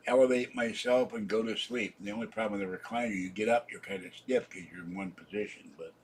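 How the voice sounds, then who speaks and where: A man's voice: on the low side, fast, a little hiss or hum. A man in his seventies, drowsy and rambling as he chats casually to viewers on his live stream. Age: 70s. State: sleepy. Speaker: channel host.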